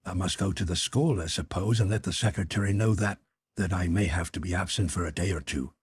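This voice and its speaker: A man's voice: sits low, fairly quick, a little hiss or hum, natural voice. A man voicing a shaken young woman who speaks with fretful worry. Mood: distressed.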